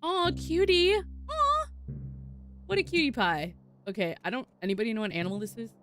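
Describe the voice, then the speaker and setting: A woman's voice: medium pitch, sing-song, rapid-fire, faint music behind. A woman voice actor chatting casually while playing a game, bubbly and cooing over cute characters. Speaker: voice actor streaming gameplay. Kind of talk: casual gameplay commentary.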